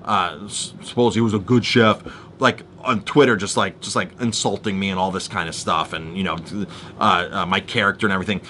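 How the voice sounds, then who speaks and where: A man's voice: low-pitched, brisk, a little hiss or hum. A man telling a heated story in a casual monologue, with many restarts, acting out the people he argued with. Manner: animated storytelling, restarts, acts out quoted exchanges.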